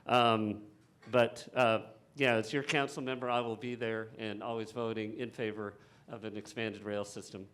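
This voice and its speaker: A man, a council candidate, answering at a forum in a heated, halting way with many fillers. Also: lowish voice, level tone, fairly bright tone.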